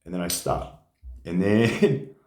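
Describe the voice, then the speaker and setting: A man's voice: deep voice, expressive, slow, a little mellow. A man telling personal stories in casual conversation, rambling with many fillers. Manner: rambling, many fillers, acts out quoted dialogue. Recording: echoey room.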